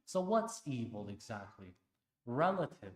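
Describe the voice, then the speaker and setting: Male preacher, sermon, impassioned, shifts between hushed and loud, rhetorical questions, mid-pitched, echoey hall. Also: big pitch swings, a little slow. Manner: asks the audience pointed rhetorical questions. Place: Islamic center hall.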